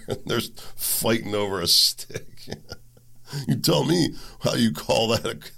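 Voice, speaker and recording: A man's voice: sits low, unhurried, gravelly, fairly bright tone. A man hosting his own show, delivering an indignant, sarcastic political rant. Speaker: podcast host. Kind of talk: political commentary monologue.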